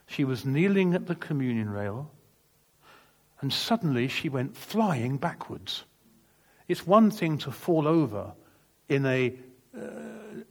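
A man's voice: medium pitch, breathy edge. A man preaching a sermon, telling a personal story in an earnest, emphatic way and acting out the dialogue as he goes. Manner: earnest, emphatic testimony with vivid retold dialogue.

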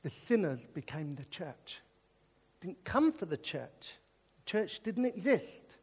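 A British man preaching with a high, bouncing voice that swoops up and down as he jokes. His sermon mixes comic storytelling with earnest appeals. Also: slow pace, husky. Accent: British English. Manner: animated and jokey, drifting into earnest preaching.

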